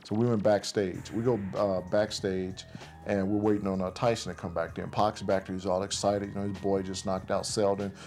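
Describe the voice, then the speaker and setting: A man's voice: sits low, flat delivery, a little fast, a little mellow. Man telling a story over music. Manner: recounts events in present tense, voicing others' lines. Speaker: interviewee recounting events. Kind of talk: casual storytelling. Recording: clear music bed under voice.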